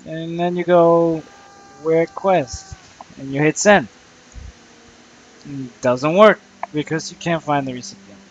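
A man's voice: a little high, a little slow, long pauses, muffled recording, a little hiss or hum. A young man giving crude, rambling let's play commentary, swearing constantly and muttering at the enemies he fights. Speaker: gamer playing solo.

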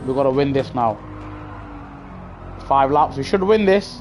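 A man's voice: mid-range voice, lively intonation, unhurried. A man streaming a racing game, casually chatting with viewers and reacting as he drives. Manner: chatty, answers chat, slangy. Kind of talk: casual live-stream chat over gameplay. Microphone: gaming headset. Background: car engine noise and music.

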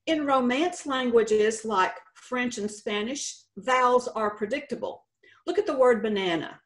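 Slow, deliberate Texan woman presenter. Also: a little high. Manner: slow, deliberate, explanatory, stretches out example words. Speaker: state contest director presenting. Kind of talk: conference presentation with slides. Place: conference session room.

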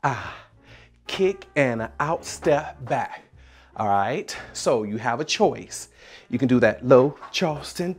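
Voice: medium pitch, lively intonation, measured pace, faint music behind. A dance instructor from South Carolina, leading a dance tutorial by counting beats aloud and scatting rhythms, with plenty of energy.

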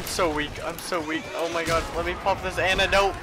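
A young man giving excitable gameplay commentary as a gaming channel host, swearing often and shouting at his teammates. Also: fairly high pitch, fairly quick, few pauses, loud music behind the voice. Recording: loud game audio behind voice.

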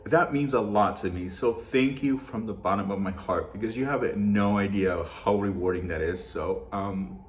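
A man hosting a shopping channel, chatting casually and warmly thanking his viewers in an effusive, heartfelt way. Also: lowish voice, slight background noise. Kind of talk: casual vlog chat to viewers.

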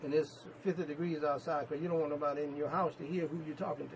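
A male pastor preaching a sermon, emphatic, repeating himself and rising to sudden loud peaks. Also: on the high side, fairly even intonation, fast talker, a little hiss or hum, low-quality recording.

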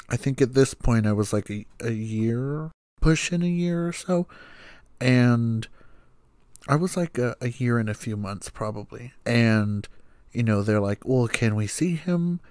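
A man's voice: mid-range voice, darkish tone, dry recording, clean studio sound. A young man hosting a podcast, telling a family story in a rambling, casual way, with fillers, swearing and chuckles. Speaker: podcast host.

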